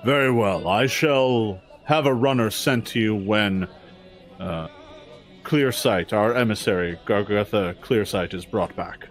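A stern male orc guard stands at the gate and speaks in slow, formal sentences, as a man acts him out. The voice sits lower than the man's usual one, with a calm, level delivery. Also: soft background music, natural voice.

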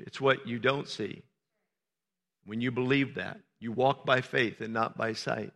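A male pastor with a bright, forceful voice preaches in a church, moving from quiet, low stretches to loud, raised exhortation. Long reverb from the sanctuary hangs on his words. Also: fairly even intonation, a little slow, gravelly. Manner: swings from soft and low to loud, high-pitched preaching. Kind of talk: sermon.

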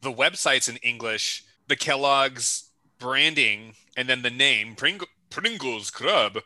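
A man with a sharp, very bright voice chats loosely with friends on a close, dry mic. He swears often and exclaims loudly as he talks about food. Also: medium pitch, lively intonation, takes it slowly, no room sound, poor audio. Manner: profane, exclaiming, joking. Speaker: podcast co-host tasting snacks. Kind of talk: casual chat.

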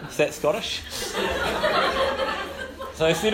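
Animated New pastor preaching. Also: male voice, a little high, takes it slowly, pauses often, heavy background noise. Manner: animated, self-deprecating, many fillers. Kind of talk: sermon with humorous storytelling.

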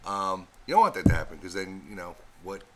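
A man's voice: deep voice, sing-song, brisk, a crowd in the background, poor audio. A man co-hosting a podcast, chiming in with laid-back, agreeable replies. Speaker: podcast co-host. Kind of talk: casual podcast chat.

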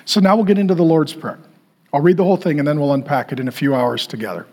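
A man preaching a sermon to a congregation, animated, with playful asides and sudden loud bursts. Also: fairly high pitch, fast talker. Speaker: pastor.

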